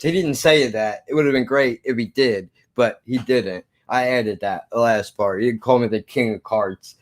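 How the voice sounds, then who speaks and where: A man's voice: medium pitch, normal speed, hardly any pauses. A man telling a profane personal story, acting out both sides of an old argument. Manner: animated, swearing, acts out both sides of an argument.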